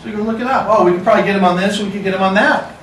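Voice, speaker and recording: A man's voice: sits high, racing, a bit bright, distant mic, slight background noise. A man teaching a class, with a casual, joking lecture manner. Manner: casual, joking, talks to students. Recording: echoey classroom recorded from afar.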